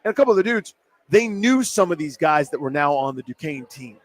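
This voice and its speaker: A man hosting a live sports radio show from a sports bar, telling a story in an animated, self-mocking way. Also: fairly high pitch, a little fast.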